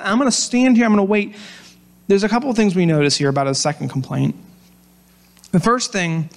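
A young adult man preaching a sermon, telling the story with lively acted-out quotes. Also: high-pitched. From Pennsylvania, US. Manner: animated storytelling, acts out quoted voices. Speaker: pastor.

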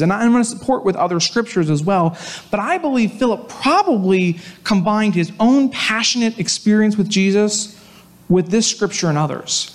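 A man preaching a sermon in a conversational, animated storytelling way, with asides to his listeners. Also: high voice, normal speed. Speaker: pastor.

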